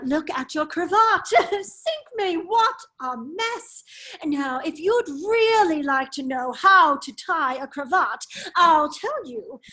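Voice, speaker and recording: A woman's voice: high voice, fairly bright tone, full character voice. A woman reading the part of a foppish, giggling English aristocrat at a virtual table read of a radio play, with affected, silly laughter. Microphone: video call.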